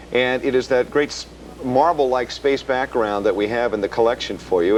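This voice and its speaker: Salesy TV shopping host. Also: male voice, medium pitch, a little hiss or hum. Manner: smooth salesy, fills with uh. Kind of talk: sales pitch and interview. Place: TV shopping studio.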